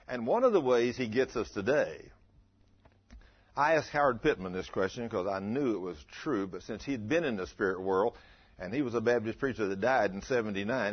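Husky preacher in his fifties. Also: on the low side. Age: 50s. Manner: lively, acts out dialogue in his stories. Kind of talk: storytelling sermon. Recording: dull lo-fi recording.

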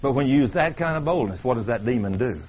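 A man preaching a sermon, animated and firing questions at his congregation, on a dull lo-fi recording. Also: mid-range voice, fast.

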